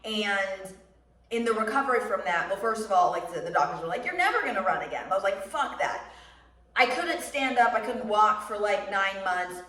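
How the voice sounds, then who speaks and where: A young American woman vlogging about running, talking bluntly and swearing freely as she tells animated stories. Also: mid-range voice, a little fast. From United States. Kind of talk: casual chat. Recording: roomy sound, mic somewhat distant.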